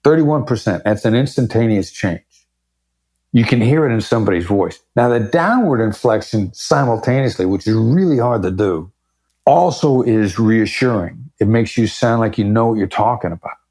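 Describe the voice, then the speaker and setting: Fairly low-pitched, husky and darkish in tone, this man sounds animated at a moderate pace. A negotiation expert, he is a guest in a conversational podcast interview, explaining his points with emphasis and varying his pace for effect.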